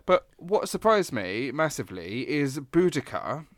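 A man's voice: fairly high pitch, very animated, a little slow, dry recording, studio quality. A man in his thirties co-hosting a casual film review podcast, rambling with many hesitations. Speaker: podcast co-host.

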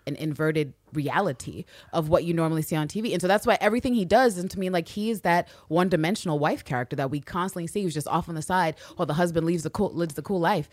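A lower-pitched woman talks fast and loose as a podcast co-host, swearing freely and slipping into the characters' voices. Her voice sits close and dry, with no room around it. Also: dry recording. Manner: animated, profane, acts out characters' lines. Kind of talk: casual recap chat.

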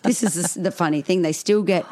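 A woman co-hosting a casual podcast chat, playful and quick to laugh. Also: on the low side, dark tone. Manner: playful, laughs often, chatty. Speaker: co-host.

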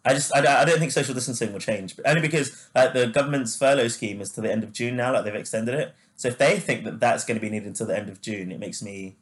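A man's voice: medium pitch, fast, hardly any pauses. A man co-hosting a casual chat podcast, talking loosely with lots of fillers and laughing easily. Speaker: podcast co-host.

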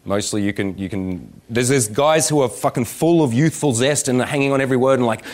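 A man's voice: mid-range voice, brisk, few pauses. A man, a dating coach giving a live seminar talk. He swears freely, jokes and acts out little scenes. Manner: profane, animated and joking, slips into voices to act out scenes. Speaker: dating coach speaking at a workshop. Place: indoor event room with about 160 people.

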